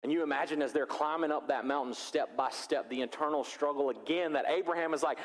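A pastor preaching a sermon, animated and acting out the characters of the story. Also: male voice, medium pitch, brisk. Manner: animated, acts out biblical characters in voices. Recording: long reverb of a large hall.

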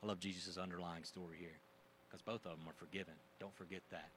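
A man preaching a sermon in a conversational, animated way, using casual slang. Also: low-pitched, fast talker, noisy background. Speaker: pastor.

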